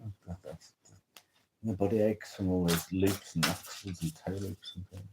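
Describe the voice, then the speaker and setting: A man's voice: low-pitched, steady tone, moderate pace, heavy background noise. A man chatting casually through a tarot reading, rambling and interrupting himself often. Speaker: tarot reader.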